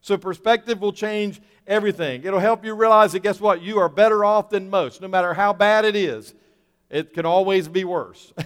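A man's voice: a little high, clean tone, long reverb tail. A man preaching a sermon as pastor, emphatic and repeating key words, acting out the voices he quotes.

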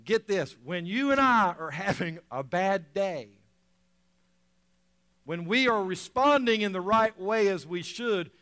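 A man preaching a sermon, swinging between loud emphatic lines and soft quiet ones, with chuckles between points. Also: high-pitched. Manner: animated preaching, rising loud then dropping soft. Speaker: pastor.

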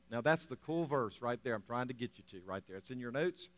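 A man preaching a sermon, swinging between loud emphatic lines and soft quiet ones, with chuckles between points. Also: medium pitch, normal speed, few pauses. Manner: animated preaching, rising loud then dropping soft. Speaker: pastor.

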